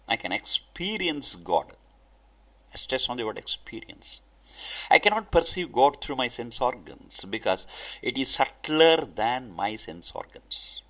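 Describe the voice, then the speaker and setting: A man giving a spiritual discourse, speaking deliberately in short emphatic phrases. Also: medium pitch, a bit bright. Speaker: spiritual teacher.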